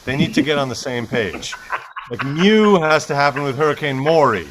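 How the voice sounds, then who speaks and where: Deadpan man ranting over rain noise. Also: medium pitch, normal speed. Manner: deadpan, fussy mock-grievance rants. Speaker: comedian guest. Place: outdoor porch in heavy rain. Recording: rain static noise outdoors.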